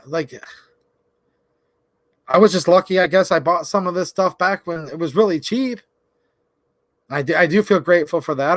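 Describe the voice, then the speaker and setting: A man's voice: sits high, no echo. A man hosting a casual livestream, rambling and opinionated, talking straight to his viewers from a close desk mic. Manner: rambling, opinionated, talks to chat. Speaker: livestream host.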